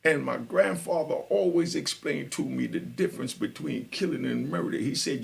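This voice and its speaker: Man in his 60s from Jamaica, streetwise storyteller; raspy gravel in the voice, slightly raised pitch, chatty and keeps asking if you follow. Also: moderate pace, hardly any pauses. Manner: gravelly, conversational, keeps checking in with the listener. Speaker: channel host telling prison and life stories. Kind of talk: casual storytelling on a live stream.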